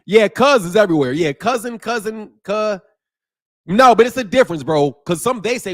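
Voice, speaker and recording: High-pitched chicago guy on a boxing stream, super casual, laughing, slang everywhere. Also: normal speed. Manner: animated, loose slang-heavy talk, laughs often, mimics regional greetings. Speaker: boxing channel host. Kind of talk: casual livestream chat with viewers.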